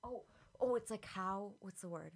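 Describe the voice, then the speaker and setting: A woman's voice: mid-range voice, normal speed. A woman podcast co-host reads her own steamy romance story aloud, slipping into whispers, then chats casually and laughs a lot. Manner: dramatic reading, dropping to a whisper, laughing often.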